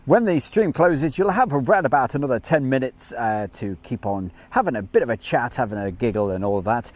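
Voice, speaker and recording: Hosting a live stream, a man with an English Midlands accent chats in a meandering, self-mocking manner as casual commentary. His voice is medium-pitched and a little mellow.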